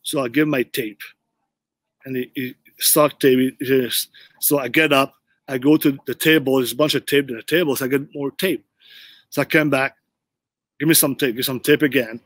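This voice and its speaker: A man's voice: medium pitch, fairly even intonation, moderate pace, fairly bright tone, dry recording. A middle-aged man, a podcast guest and retired player, telling a story in a loose, anecdotal way and laughing now and then. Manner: anecdotal, repeats "I'm like" and "he's like", light laughs. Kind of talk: casual storytelling.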